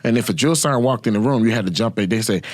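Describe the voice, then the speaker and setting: A man hosting his own podcast, telling profane, animated stories about his past and laughing often. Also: medium pitch, rapid-fire, dry recording. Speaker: podcast host. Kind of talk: casual storytelling.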